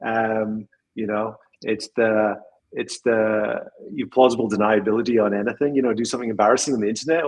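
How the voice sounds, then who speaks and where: A man with a husky voice, a podcast guest in casual chat, speaking reflectively and trailing off with small chuckles. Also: fairly low pitch, steady tone, brisk, rough recording.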